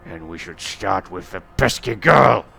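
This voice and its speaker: A man voicing a bloodthirsty talking magic sword in a tabletop game, coaxing and eager, in a low voice. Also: lively intonation, unhurried, vocal fry, bright, forceful tone, breathy edge, faint music behind, heavily acted.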